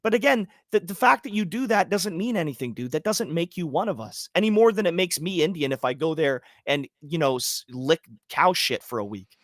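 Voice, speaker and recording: A man from Canada holds forth as a podcast co-host, his high voice leaping up and down as he rants and curses. The sound is dry and close, with no room around it. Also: animated, brisk, no echo. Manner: forceful, ranting, profane. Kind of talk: heated livestream podcast talk.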